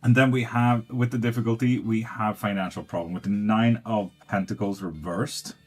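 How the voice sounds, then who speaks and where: A man's voice: lowish voice, steady tone, moderate pace, music in the background. A man giving casual tarot readings on a live stream, blunt and swearing freely.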